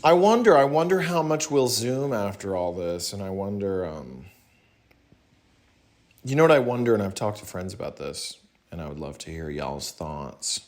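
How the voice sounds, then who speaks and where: A young man from the American South, chatting casually to viewers in a slow, rambling way with many pauses and restarts, in a put-on voice. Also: fairly low pitch, lively intonation, darkish tone. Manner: talking in a put-on different voice today. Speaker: vlogger talking to viewers. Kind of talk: casual rambling livestream chat.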